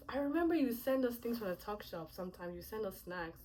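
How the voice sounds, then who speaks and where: A woman's voice: medium pitch, lively intonation, fairly quick, darkish tone, low-quality recording. A young woman hosting a casual storytime chat with her cousins, talking freely and acting out quotes. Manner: chatty, laughing often, acts out quotes. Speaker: host.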